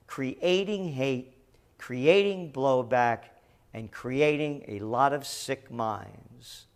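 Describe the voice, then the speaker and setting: A middle-aged man delivering opinionated news commentary, sarcastic and emphatic. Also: a little high.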